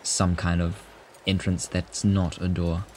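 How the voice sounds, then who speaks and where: A man playing a tabletop game who narrates his character's moves in a slow, drawn-out way. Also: deep voice, little pitch movement, darkish tone, a little hiss or hum. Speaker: player.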